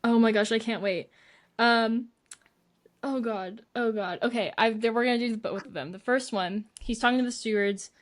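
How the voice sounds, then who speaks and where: Animated woman co-hosting a podcast. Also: a little high, normal speed. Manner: animated storytelling, swears. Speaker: podcast co-host. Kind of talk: casual chat. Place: at home in an apartment.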